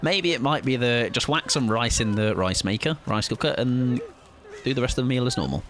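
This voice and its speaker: Animated and fairly quick, this young man from England has a medium-pitched, slightly bright voice. While gaming on a livestream, he jokes around and reads viewers' chat out loud in casual conversation.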